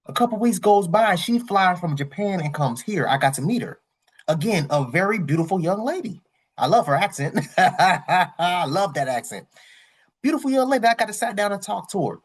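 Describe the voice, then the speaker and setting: A man's voice: high voice, lively intonation, normal speed, breathy edge. A man hosting a casual reaction commentary, rambling and candid, full of slang, repeating his points. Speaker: reaction channel host.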